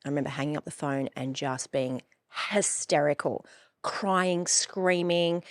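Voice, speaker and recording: A woman's voice: low-pitched, a little slow, no echo, studio quality. Frank woman telling her story. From Australia. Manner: frank, emphatic, swears freely. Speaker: coach and podcast host. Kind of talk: personal storytelling.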